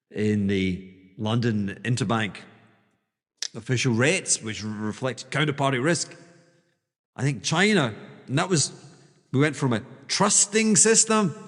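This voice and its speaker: A man's voice: medium pitch, slow pace, long pauses, a bit bright, long reverb tail. A male podcast host giving a theatrical financial monologue, digressing freely and acting out the voices of others.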